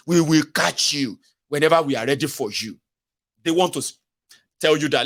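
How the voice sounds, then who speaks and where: Long pauses break up this host's talk, delivered at normal speed in a fairly high pitch with a fairly bright tone. A Nigerian man running a political commentary live-stream, he's mocking, performs quoted voices, and drifts into pidgin.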